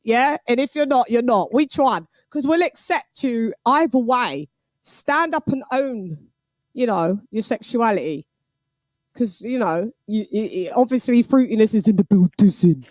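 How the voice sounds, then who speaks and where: A woman hosting a boxing livestream, chatting casually with patois slang and lively banter. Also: a little high, measured pace, dry recording.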